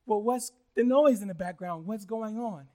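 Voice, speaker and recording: A man's voice: high voice, normal speed, warm tone, natural voice. A man playing a puzzled boss who keeps asking insistent questions over the phone. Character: puzzled male boss calling an employee.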